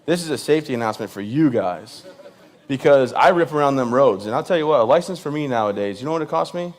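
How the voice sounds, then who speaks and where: A man's voice: mid-range voice, animated, fast talker. Jokey man telling stories on stage. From Michigan. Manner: self-deprecating, jokey, many "right?" asides. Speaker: guest speaker. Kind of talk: humorous storytelling speech. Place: live event stage.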